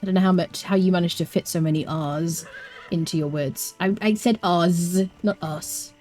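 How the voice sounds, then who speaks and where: An English woman streaming a game, chatting casually and playfully with her viewers and often dropping into quiet asides. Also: lowish voice, steady tone, normal speed, soft background music. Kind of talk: casual live-stream chat while gaming.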